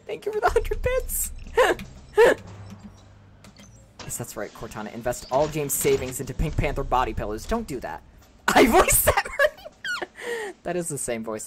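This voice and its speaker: Brief: chatty woman gamer, very swoopy delivery, fairly low voice, game music underneath. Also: noisy background. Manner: chatty, laughs often, bantering with chat. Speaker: streamer. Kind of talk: casual gaming stream commentary.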